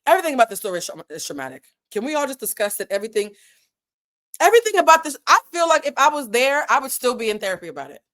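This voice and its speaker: Animated, profane woman storyteller. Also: high voice, very fast. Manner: animated, profane, reads quotes with emphatic bursts. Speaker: commentary channel host. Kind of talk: casual storytelling commentary.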